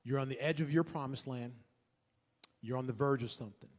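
A man's voice: medium pitch, fairly quick, big-room sound. A male pastor preaching a sermon to a congregation, emphatic and fond of rhetorical questions and repetition.

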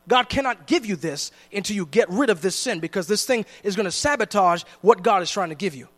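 A man preaching a sermon in a church, chatty and joking, with slowed, weighty stress on the scripture he reads. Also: sits high, lively intonation, a bit bright, big-room sound.

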